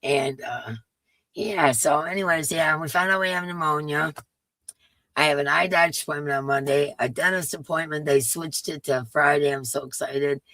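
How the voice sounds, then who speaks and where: A hoarse woman hosting a casual live stream, chatting and reading out viewers' names as they arrive. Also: sits low, steady tone, normal speed, fairly bright tone, dry recording. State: hoarse, voice coming and going. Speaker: livestream host.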